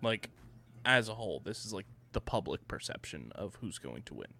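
A man's voice: fairly low pitch, big pitch swings, normal speed, gravelly, very noisy. A young man co-hosting a casual lacrosse picks show, laid-back and joking, swearing now and then. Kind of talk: casual sports chat.

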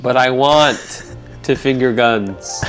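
A man's voice: mid-range voice, takes it slowly, a bit bright, soft background music. A young man co-hosting a podcast on a video call, overtired and playful, laughing often in casual chat. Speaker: podcast co-host.

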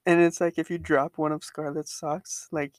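A woman co-hosting a podcast in casual chat, relaxed and agreeable with short replies. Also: sits low, normal speed, no echo, studio quality. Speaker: podcast co-host.

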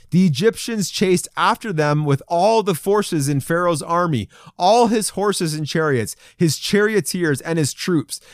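A man preaching a sermon to a men's group, reading scripture and acting out the people's voices with lively emphasis. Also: sits high, no echo, clean studio sound. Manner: animated, acts out crowd voices in quotes. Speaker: pastor. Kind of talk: sermon to men.

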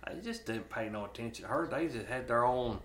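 Male podcast host, mid-pitched, folksy storyteller; roomy recording with a faint hiss. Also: lively intonation, a bit bright. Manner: folksy, drawn-out storytelling with restarts. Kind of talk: casual storytelling chat.

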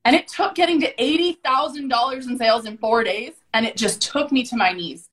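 High-voiced woman, brash and profane. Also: fairly bright tone. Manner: high-energy, emphatic, swears freely; fast rambling with frequent "like". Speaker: podcast guest. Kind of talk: casual, profane storytelling.

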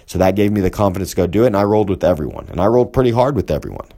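Low-voiced man giving casual coaching advice. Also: lively intonation, rapid-fire, few pauses, dark tone. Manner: conversational, rambling, acts out quoted exchanges. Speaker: jiu-jitsu coach. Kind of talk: casual instructional talk.

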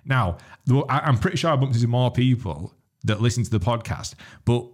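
A man's voice: medium pitch, animated, darkish tone, slightly rough. A young man with a Yorkshire accent co-hosting a podcast, telling a story in casual chat, swearing and laughing as he goes. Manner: rapid, swearing, laughs while telling stories. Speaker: podcast co-host.

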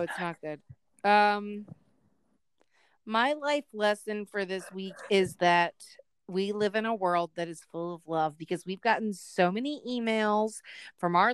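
A young woman co-hosts a chatty podcast, spinning a family story with lively delivery. Her voice is smooth and clear, slightly higher than middle. The sound is dry and close to the mic. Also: dry recording. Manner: animated, does loud voices of family members in her stories. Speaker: podcast co-host. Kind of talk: casual storytelling chat.

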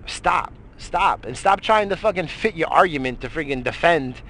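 On his morning show, a middle-aged male host launches into a heated, swear-filled political rant full of rambling restarts. His voice is fairly high and bright with lively intonation and a forceful tone, delivered at a moderate pace over slight background noise.

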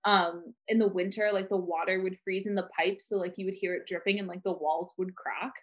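This young woman's voice is lowish and steady, moving fairly quickly as she co-hosts a podcast. The conversation is loose and rambling, full of "like."

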